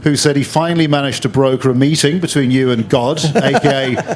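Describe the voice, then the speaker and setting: A man's voice: medium pitch, brisk, slight background noise. A man interviewing a guest on a festival stage, chatty and jokey with a teasing edge. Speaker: interviewer, music journalist. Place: festival chat tent before an audience.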